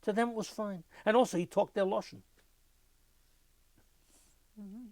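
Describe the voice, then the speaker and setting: An older man giving an oral history interview, telling lively anecdotes and mimicking music with his voice. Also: high-pitched, unhurried, dry recording.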